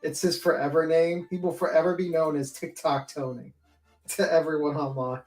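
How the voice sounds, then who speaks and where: A woman's voice: sits low, fairly even intonation, normal speed, a little mellow. A woman panelist on a livestream, chatting casually and ranting bluntly with plenty of swearing. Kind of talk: casual chat. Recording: echoey room.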